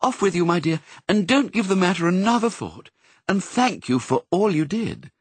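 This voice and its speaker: A man voicing a calm, kindly mother Dalmatian in a storybook, speaking brightly and reassuringly. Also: sits high, normal speed, breathy edge, no echo, voice pushed up, exaggerated voice.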